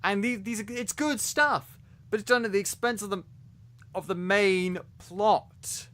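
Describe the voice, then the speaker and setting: Man, podcast co-host, slightly high voice, bright tone, rambling casual review. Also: unhurried. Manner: animated, rambling with many restarts.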